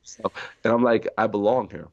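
A middle-aged man from New Jersey, a podcast guest telling stories in a lively way, acting out the people he quotes. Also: fairly low pitch, normal speed, vocal fry. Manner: animated storyteller acting out quoted voices, laughing often. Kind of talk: storytelling in a podcast interview. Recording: dry muffled sound.

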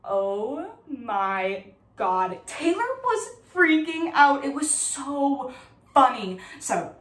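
Woman playing a high, chatty young woman with an imaginary famous friend; audition monologue, roomy distant mic. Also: very animated, very slow, a bit bright, exaggerated voice. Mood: giddy. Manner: chatty, breezy, full of fillers. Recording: echoey room, mic at a distance.

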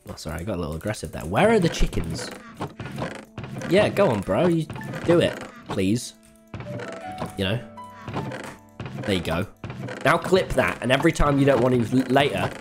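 A young man chatting to his live-stream audience while playing, excitable and swearing freely. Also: mid-range voice, normal speed, pauses often, music in the background. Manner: excitable, swears freely, jumps between game and chat. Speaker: game streamer.

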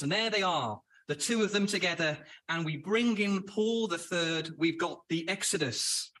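Husky male preacher asking rhetorical questions. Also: high-pitched, sharp tone, rough recording. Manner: rhetorical questions, addressing brothers and sisters. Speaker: Bible speaker. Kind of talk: sermon.

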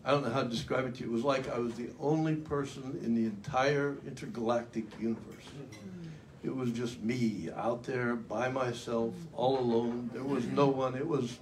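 A man's voice: medium pitch, steady tone, moderate pace, darkish tone, a little hiss or hum. An older man giving a luncheon keynote, telling his story in a folksy, dramatic way with self-mocking humor. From United States. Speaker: keynote speaker. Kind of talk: storytelling speech. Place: luncheon event hall.

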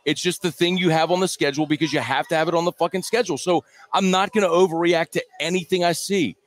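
A man's voice: fairly high pitch, fairly even intonation, fast talker. A man hosting a sports radio show, talking in a blunt, profane, dismissive way. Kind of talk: casual sports talk. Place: radio studio. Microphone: studio microphone.

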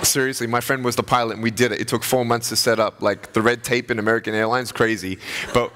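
A man in his thirties giving a humorous chapel talk as an evangelist, telling stories with lively swings in pitch. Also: fast talker, noisy background. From Australia. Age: 30s. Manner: animated storyteller with jokes and wide pitch swings. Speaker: evangelist speaker. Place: chapel audience hall.

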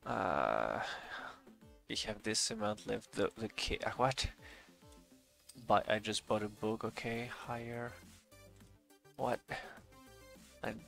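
Gravelly-voiced man doing let's play commentary. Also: fairly low pitch, slow, long pauses, fairly bright tone. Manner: bemused, laughing, talks to himself. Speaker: game reviewer. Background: game music.

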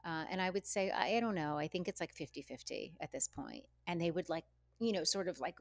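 A middle-aged woman, an author guest in an interview, speaking candidly and reflectively, often halting and repeating words as she thinks. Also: lowish voice, animated, gravelly, dry recording, studio quality.

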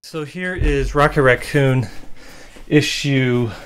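A man who is a comic artist, casually walking through comic pages in a relaxed, rambling, self-critical way with frequent ums. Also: medium pitch, slow pace, smooth. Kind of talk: casual page-by-page walkthrough.

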